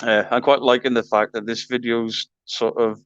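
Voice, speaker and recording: A man's voice: mid-range voice, level tone, moderate pace, fairly bright tone, clear, resonant tone, no echo, dull audio. Welsh man cracking dry jokes. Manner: dry, crude wisecracks. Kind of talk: casual chat on a live stream.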